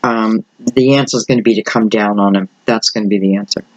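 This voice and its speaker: An older man, slightly hoarse, giving a rambling solo tarot reading and thinking aloud with many fillers. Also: lowish voice, steady tone, a little fast, dry recording, lo-fi sound. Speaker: tarot reader.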